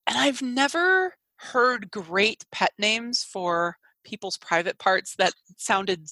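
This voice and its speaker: A woman co-hosting a casual chat show, animated and quick to laugh, often restarting her sentences. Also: mid-range voice, no echo, low-quality recording. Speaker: podcast co-host.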